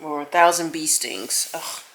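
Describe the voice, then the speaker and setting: A middle-aged woman vlogging to camera in casual chat, animated and exclaiming, trailing off into soft musing, with faint music behind. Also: low-pitched, measured pace, a little hiss or hum.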